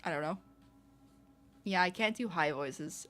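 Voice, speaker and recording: A young woman with a fairly low voice chatting casually on a livestream, playful and laughing often. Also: measured pace, a bit bright. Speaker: streamer. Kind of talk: casual livestream chat reading comments.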